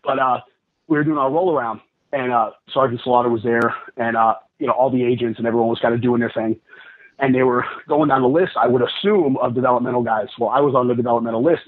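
A man talks at a brisk clip, rambling through stories and slipping into voices for the people in them. His voice is a little husky and middle-pitched. It comes through thin and tinny, like a phone call. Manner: rambling, quick, lively with acted-out dialogue. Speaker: guest, pro wrestler. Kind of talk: casual storytelling on a podcast. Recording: tinny phone-line sound.

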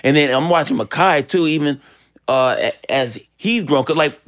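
A man's voice: a little high, moderate pace, fairly bright tone. A man from Los Angeles, an actor guest telling stories with many restarts in a casual interview. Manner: rambling storyteller with restarts.

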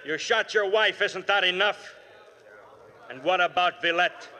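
A man's voice: high-pitched, sharp tone, exaggerated voice. An actor playing a firm, commanding male police inspector in 1940s radio acting style. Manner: brisk, commanding.

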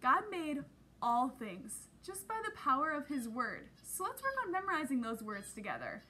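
A woman's voice: high voice, wildly swooping pitch, normal speed, sharp tone, a little hiss or hum. A woman teaching a children's Bible lesson, upbeat and encouraging, leading the kids in call-and-response. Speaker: Sunday school teacher.

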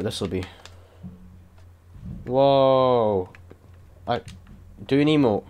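A young man giving sweary, excitable and sarcastic commentary while building in a video game. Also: mid-range voice, slow pace, long pauses. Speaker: gaming YouTuber. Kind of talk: casual gameplay commentary.

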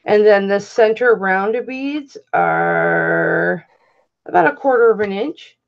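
A woman presenting jewelry on a live online auction, describing each piece in a slow, easygoing way. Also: mid-range voice, very animated, vocal fry, muffled recording. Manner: slow, easygoing show-and-tell. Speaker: jewelry seller presenting items.

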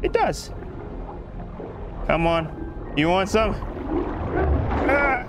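A man commentating a survival game, talking in a jokey put-on Irish lilt, excitable and swearing as he yells at the game. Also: high voice, extremely slow, very noisy. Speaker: gaming YouTuber. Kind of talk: let's play commentary.

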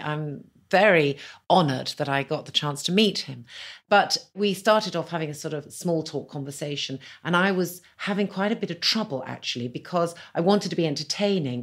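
Low-voiced woman telling lively anecdotes. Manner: animated, self-deprecating raconteur. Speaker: bestselling novelist, podcast guest. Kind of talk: conversational interview, anecdotal storytelling. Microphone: podcast microphone.

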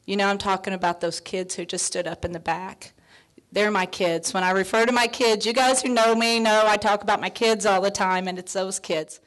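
Woman, fifties, grandmother, heartfelt acceptance speech, holding back tears, mid-pitched voice. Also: fairly even intonation, normal speed. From Texas. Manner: heartfelt, tearful, with soft laughs and fillers. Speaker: award honoree.

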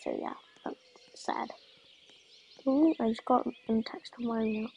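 Slow-talking, chatty young-sounding woman vlogger. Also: on the high side, slight background noise. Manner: chatty, rambling, trails off into soft asides. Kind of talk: casual vlog chat.

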